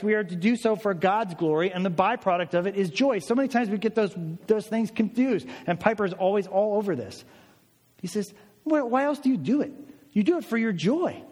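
A man's voice: high voice, darkish tone, long reverb tail. A pastor preaching a sermon to his church, earnest and emphatic, repeating phrases for stress. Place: church sanctuary.

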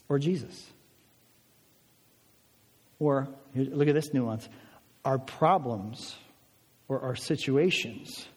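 High-voiced man preaching in a reverberant hall. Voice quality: earnest, emphatic, repeats phrases for stress. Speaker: pastor. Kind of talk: sermon. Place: church sanctuary.

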